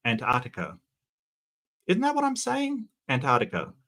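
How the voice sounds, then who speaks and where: An Australian man hosting a casual livestream commentary, easygoing and halting, often stammering and repeating words. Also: mid-range voice, huge pitch swings, pushed and bright. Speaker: commentary host.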